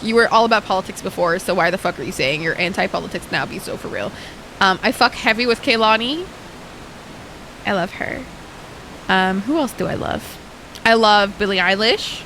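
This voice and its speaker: A woman's voice: mid-range voice, very animated, normal speed, gravelly, pauses often, a bit bright, a little hiss or hum, poor audio. A young woman streaming a game, chatting casually with viewers and ranting bluntly with lots of swearing. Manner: chats with viewers while playing.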